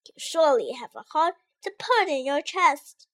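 A woman's voice: high-pitched, very animated, moderate pace. A woman voicing Dorothy, a polite, eager little girl in a storybook, who speaks in an earnest, pleading way.

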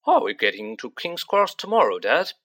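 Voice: mid-range voice, sing-song, moderate pace, a bit bright, pitched above the performer's own voice. A reader voicing a cheeky, teasing teenage boy.

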